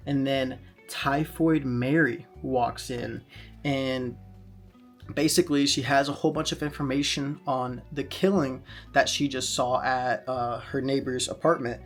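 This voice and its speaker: A man casually reviewing comic books in a chatty vlog, recapping plots with fillers along the way. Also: mid-range voice.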